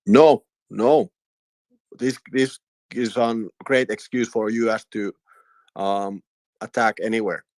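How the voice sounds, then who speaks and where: A man speaking as a guest on a casual online panel, halting and filling gaps with ums as he thinks. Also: fairly low pitch, fairly even intonation, a little mellow, no room sound. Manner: halting, many fillers.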